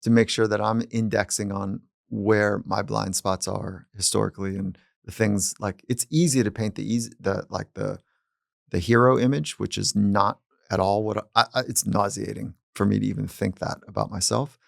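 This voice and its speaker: Calm low gravelly man. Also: normal speed, dry recording, studio quality. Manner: calm and reflective, speaking at length. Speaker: psychologist and podcast host. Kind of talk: casual conversation.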